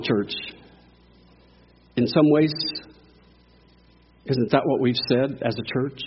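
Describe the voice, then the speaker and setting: A middle-aged man preaching a sermon as a guest pastor, telling a story and swinging from hushed lines to loud cries. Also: fairly high pitch, slightly rough, highs cut off.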